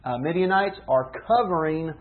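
Guy preaching, asks the room questions, slows way down on key points, tinny phone sound. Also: a little high, lively intonation. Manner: earnest teaching, rhetorical questions, emphatic slowdowns. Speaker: pastor. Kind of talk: sermon.

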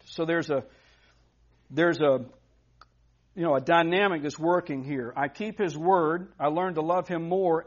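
Earnest preaching man, lo-fi sound. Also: a little high. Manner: earnest, emphatic preaching with frequent restarts. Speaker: pastor. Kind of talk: sermon. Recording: dull lo-fi recording.

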